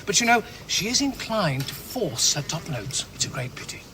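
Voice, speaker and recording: An actor in a radio drama playing a fussy, self-important host who chatters fastidiously. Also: male voice, on the high side, big pitch swings, background noise.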